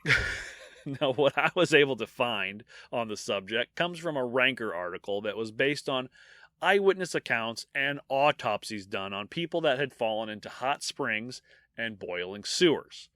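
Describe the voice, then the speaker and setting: A man co-hosts a podcast and recounts dark history like a campfire story, cracking jokes at the grisly parts. His pitch swoops all over as he talks. His voice is bright and sits dry and close to the mic. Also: moderate pace, dry recording. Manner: animated storyteller, jokes about grim details. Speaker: podcast co-host.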